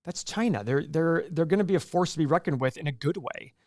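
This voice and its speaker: A man's voice: fairly high pitch, fairly quick, a little mellow, no echo, studio quality. A man hosting a casual live stream and answering viewer questions in a chatty, rambling way with frequent restarts. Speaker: livestream host.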